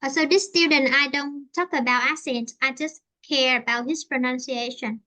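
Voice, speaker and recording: A woman with a Vietnamese accent leads an online English lesson, her voice pitched high. She explains slowly in simple words and often repeats herself so learners can follow. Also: steady tone, sharp tone. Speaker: English teacher.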